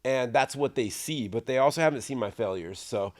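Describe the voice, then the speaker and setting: A man chatting easily on a podcast, relaxed and optimistic. His voice has a middling pitch for a man. He often pauses on fillers before his point. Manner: relaxed, upbeat, hesitant with fillers. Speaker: podcast guest. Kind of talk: casual chat.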